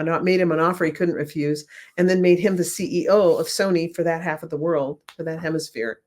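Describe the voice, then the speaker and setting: A middle-aged woman, a remote viewing instructor, telling stories in a casual interview with enthusiasm, softly acting out quotes. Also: fairly low pitch. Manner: enthusiastic, animated retelling with soft acted quotes.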